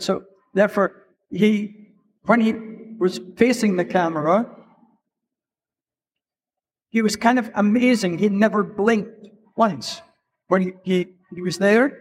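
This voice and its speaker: An older man with a high voice tells stories from a stage. He speaks at an easy pace and often slips in "you know". The long reverb of a large hall trails behind his words. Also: slightly rough. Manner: unhurried, storytelling with frequent 'you know' asides. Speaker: keynote speaker, photographer. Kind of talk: anecdotal stage talk. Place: event hall.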